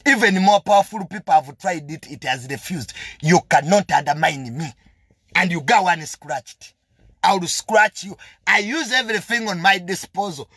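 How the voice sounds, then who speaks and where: A man's voice: sits high, moderate pace, fairly bright tone, slightly rough, no room sound, clean studio sound. A young man with a Ugandan accent delivering a heated, confrontational monologue full of emphatic repetitions. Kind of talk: heated monologue mixing English and Luganda.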